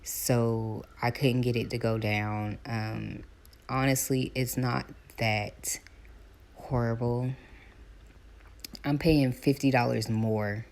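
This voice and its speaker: A woman, chatting casually to her viewers while doing her hair, animated as she retells her calls. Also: very deep voice, slow pace. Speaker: vlogger.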